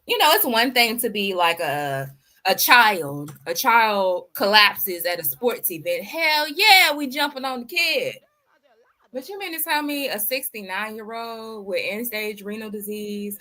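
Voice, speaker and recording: A woman's voice: medium pitch, sharp tone. A woman hosting a reaction video, giving blunt, sassy commentary full of rhetorical questions. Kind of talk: casual commentary.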